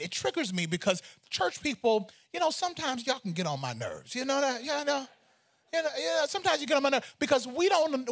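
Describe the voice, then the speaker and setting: Man preaching, pastor, animated, conversational, jokes, repeats phrases. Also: extremely high pitch. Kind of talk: sermon.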